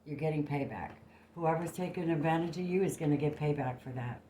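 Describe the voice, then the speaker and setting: In a warm, low-pitched voice, a tarot reader talks briskly through a casual reading to camera, blunt and emphatic, swearing freely. Her phone recording has an echoey room sound and a little hiss or hum.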